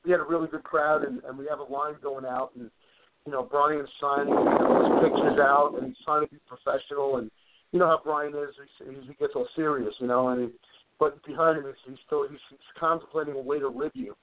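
A middle-aged man casually telling stories on a call, animated and repeating words as he goes. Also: a little high, a little fast, slight background noise. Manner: animated anecdote teller, repeats words as he talks. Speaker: guest wrestler. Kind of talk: casual storytelling on a phone call. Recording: tinny phone line.

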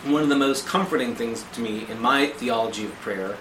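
A middle-aged man co-hosting a conversational theology podcast, animated and acting out quoted prayers in different voices. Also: mid-range voice, brisk, background noise. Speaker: podcast co-host. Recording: echoey room.

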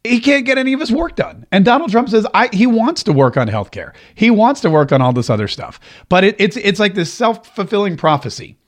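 A man's voice: high-pitched, very animated, a little fast, few pauses. A man hosting a political commentary show, talking casually and animatedly, often stumbling over and repeating words.

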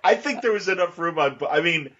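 A man's voice: fairly high pitch, animated, brisk, lo-fi sound, a crowd in the background. A man hosting a casual podcast interview, easygoing and chatty, laughing along with his guest. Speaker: podcast host.

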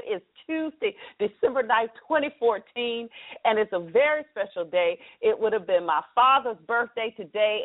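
A middle-aged woman hosting a live internet radio talk show in an upbeat, chatty way, explaining things step by step over a phone line. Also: on the high side.

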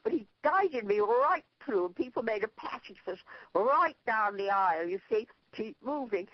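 An older woman with an Irish accent speaks on the high side at a moderate pace, guesting in an interview as a spiritual leader. Rambling and lively, she laughs at her own tales; the audio is dull, with no echo.

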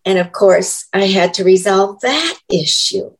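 An older woman, an author, speaks as an interview guest in a reflective, measured and earnest way. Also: mid-range voice, expressive, low-quality recording. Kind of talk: conversational interview.

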